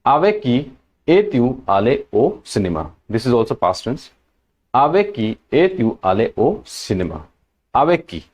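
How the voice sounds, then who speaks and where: A man teaching French question words in a slow, patient lesson, repeating each word and example. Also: mid-range voice, big pitch swings, darkish tone. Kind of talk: language lesson.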